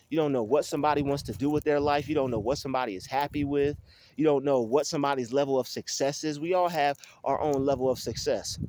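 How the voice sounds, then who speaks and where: A man's voice: a little high, a little mellow, slight background noise. Emphatic man giving a motivational talk. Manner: repetitive, emphatic, preachy. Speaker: motivational vlogger. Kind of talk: casual motivational monologue.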